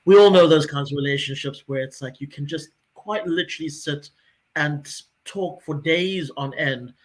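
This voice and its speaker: A man in his forties on a casual podcast, telling a personal story with lively acted-out dialogue. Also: on the high side, normal speed. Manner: animated storyteller who acts out quoted dialogue.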